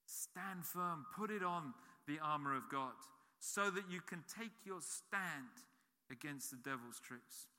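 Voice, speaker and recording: A man's voice: a little high, expressive, a little slow, bright, forceful tone. A man preaching a sermon as a pastor, emphatic and repeating key phrases. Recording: reverberant hall.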